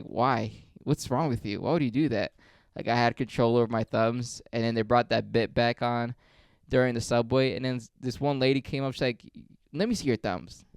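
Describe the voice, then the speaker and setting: A man hosting a podcast, telling stories in a rambling, profane, deadpan way on a close mic. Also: mid-range voice, clean tone, dry recording. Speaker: podcast host. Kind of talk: casual storytelling.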